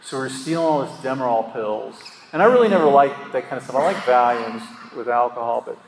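A man's voice: medium pitch, fast talker. Rambling man in an echoey hall. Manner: rambling and self-deprecating, heavy with fillers and chuckles. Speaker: speaker sharing his story at a recovery meeting. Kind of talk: candid personal storytelling. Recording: echoey hall with faint ambient noise.

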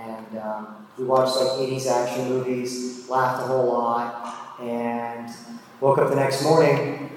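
A man in his thirties or older tells his own story in a relaxed, self-deprecating way, full of fillers and asides. His voice sits at an ordinary middle pitch. He is picked up from far off in a large, very echoey hall with a faint hum of ambience. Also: measured pace. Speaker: speaker sharing his drinking story. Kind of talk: personal storytelling talk.

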